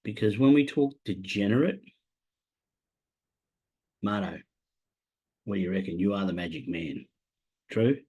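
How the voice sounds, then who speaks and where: A man's voice: on the low side, a little mellow, slightly rough. An Australian man hosting a podcast alone, rambling through horse racing tips in a self-mocking way and talking to his absent co-hosts. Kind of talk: solo casual chat.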